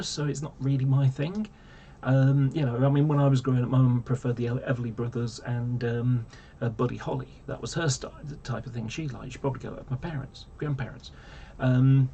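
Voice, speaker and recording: A man's voice: mid-range voice, warm tone, slight background noise. A man ranting casually to camera, rambling and exasperated, full of fillers and restarts. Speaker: vlogger.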